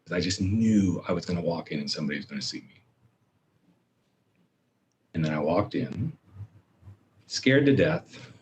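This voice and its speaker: A middle-aged man as a podcast guest, telling a personal story in an animated way and acting out his own inner voices. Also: low voice, normal speed, long pauses, slight background noise.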